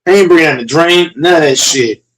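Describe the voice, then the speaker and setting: Brash high-voiced man from Dallas. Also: fast, fairly bright tone, rough recording. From Dallas, Texas. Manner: brash, profane trash talk. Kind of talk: casual sports chat.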